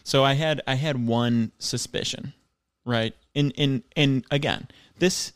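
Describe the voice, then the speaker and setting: A man's voice: mid-range voice, a little slow, clean tone, dry recording, clean studio sound. A man co-hosting a podcast in casual chat, telling stories in a rambling, mock-dramatic way. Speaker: podcast co-host.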